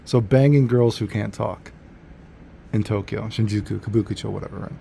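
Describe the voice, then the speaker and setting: Gravelly man rambling laid-back. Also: on the low side, steady tone, moderate pace, warm tone, slight background noise. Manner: rambling, laid-back, many fillers and self-corrections. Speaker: vlogger. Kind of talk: casual storytelling monologue.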